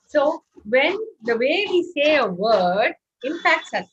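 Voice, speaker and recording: A woman's voice: high voice, slow, a little hiss or hum. A woman leading an interactive online workshop, coaxing participants to answer in the chat. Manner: animated, coaxing participants to respond. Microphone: video call. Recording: muffled lo-fi video call audio.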